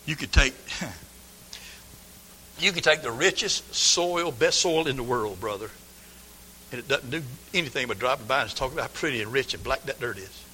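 A man's voice: mid-range voice, lively intonation, moderate pace, sharp tone, slight background noise. A man preaching a folksy, emphatic sermon, sometimes mimicking his listeners' excuses. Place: church sanctuary. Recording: long hall reverb.

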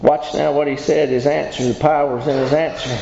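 His voice is gravelly yet mellow, a little high, and level in tone, and he moves at a brisk clip. In an echoey church hall, he preaches a call-and-response sermon to the congregation, folksy and emphatic, frequently asking them things. The sound quality is dull and lo-fi.

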